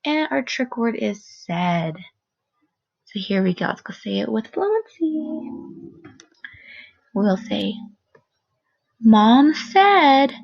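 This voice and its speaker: A woman teaching a first grade phonics lesson on video, speaking slowly and clearly in an encouraging teacher voice. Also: medium pitch, a little mellow. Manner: slow, clear, encouraging teacher talk with modeled expression. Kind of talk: recorded phonics lesson for children. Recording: dull, lo-fi sound.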